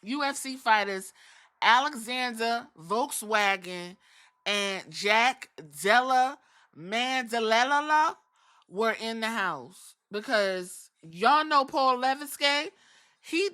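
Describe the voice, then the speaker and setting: A woman hosting a podcast, recapping wrestling in animated, profane storytelling. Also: a little high, slow. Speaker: podcast host.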